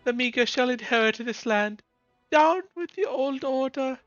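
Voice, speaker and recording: A man's voice: very high voice, normal speed, fairly bright tone, dry recording, dull audio, faint music behind, voice pushed up. A man voicing a pompous, posh male villain who poses as a leader of the poor, with grand speechifying delivery. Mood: grandiose. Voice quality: posh, haughty. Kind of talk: voicing game dialogue while streaming.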